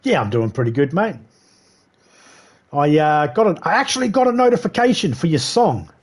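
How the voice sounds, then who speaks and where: A man's voice: on the high side, very animated, normal speed. A man chatting casually with his viewers while streaming a game, rambling and laughing often. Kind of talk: casual live-stream chat.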